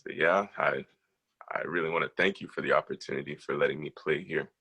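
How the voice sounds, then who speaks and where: A soft-spoken, polite teenage boy speaks as a young musician guest. His voice is extremely deep and gravelly, with a husky edge. It also has a bright, pressed quality. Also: fairly quick. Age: teens.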